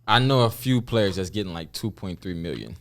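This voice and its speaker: A man talking casually as a guest on a podcast, plain-spoken and relaxed. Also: low voice, fairly quick. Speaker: guest, pro basketball player.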